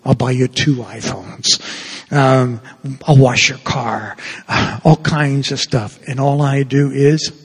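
A priest tells a story during a sermon, animatedly acting out the dialogue with big swings in pitch. His slightly rough voice moves at a slow pace, trailed by a long reverb tail.

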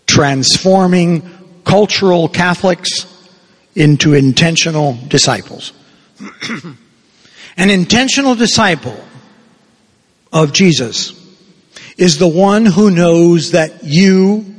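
Slow, husky older priest preaching. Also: male voice, fairly high pitch, animated. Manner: slow, deliberate preaching with emphatic pauses. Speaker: parish priest. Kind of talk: sermon. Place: church. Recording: long church reverb.

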